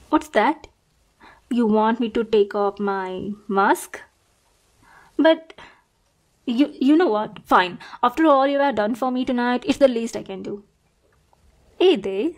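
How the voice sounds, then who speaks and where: A young woman voicing an obsessive, sweetly possessive stalker girl in a whispered role-play, coaxing and softly menacing. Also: on the high side, slow, long pauses. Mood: tender. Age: young adult. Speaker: roleplay performer.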